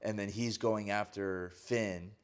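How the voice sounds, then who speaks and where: Animated man retelling a plot, lowish voice. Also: slow pace, clean tone. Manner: animated storyteller acting out quoted lines, frequent "like". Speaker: podcast co-host. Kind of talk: casual chat retelling a film plot.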